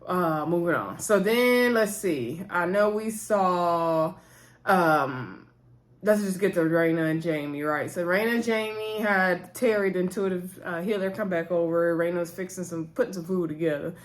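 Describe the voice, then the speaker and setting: A woman's voice: lowish voice, normal speed. A woman recapping a reality TV episode in a casual, opinionated chat, talking straight to her viewers in slangy speech.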